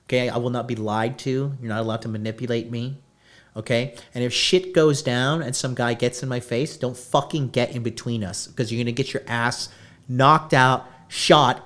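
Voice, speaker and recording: A man hosting a podcast, ranting brashly and swearing constantly as he lectures his listeners on dating. His voice sits at an ordinary middle pitch for a man. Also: a bit bright. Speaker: podcast host. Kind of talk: profane dating-advice rant.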